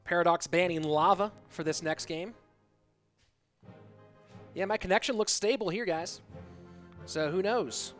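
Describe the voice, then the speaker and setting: A man's voice: high-pitched, a little slow, long pauses, a bit bright, faint music behind. A man hosting a live stream, chatting casually with viewers while checking his connection. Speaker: stream host and commentator.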